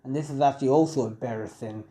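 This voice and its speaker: A man's voice: medium pitch, fast talker, warm tone. A young man narrating an improvised fan story in a rambling, casual way, full of fillers.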